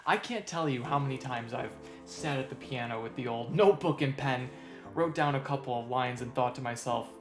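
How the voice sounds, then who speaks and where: A man's voice: medium pitch, moderate pace. Man teaching music theory in a roomy echo. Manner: playful, counts beats and half-sings examples. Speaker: music channel host. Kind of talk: casual music theory tutorial. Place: room with a piano.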